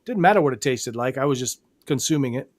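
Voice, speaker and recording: A man co-hosting a casual live-stream chat about hypnosis, animated and quick to laugh. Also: medium pitch, no echo. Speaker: hypnotist co-host.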